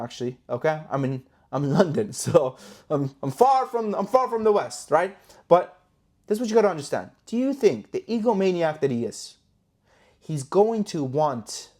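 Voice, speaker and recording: A man's voice: a little high, a little mellow. A man from Canada hosting a stock market commentary vlog in a brash, profane, hype-driven way, full of rhetorical questions. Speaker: stock trading YouTuber. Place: London, indoors.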